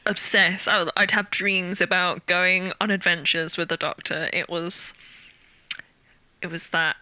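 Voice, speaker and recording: Young british woman, very bright voice, dry close sound, animated storytelling. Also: a little slow, no room sound. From Britain. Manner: animated storyteller, acts out quotes with big jumps in pitch. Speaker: guest actor. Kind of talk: casual interview chat.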